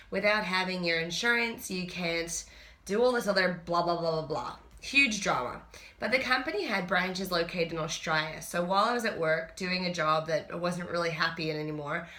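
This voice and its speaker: A woman's voice: lowish voice, fairly quick, bright, forceful tone. A woman, a personal trainer, telling a personal story in a chatty, candid vlog. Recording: roomy echo.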